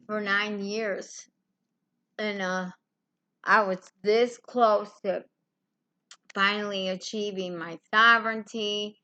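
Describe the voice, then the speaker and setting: A woman's voice: mid-range voice, pushed and bright, muffled recording. A woman on a live stream, delivering a furious, rambling rant full of swearing.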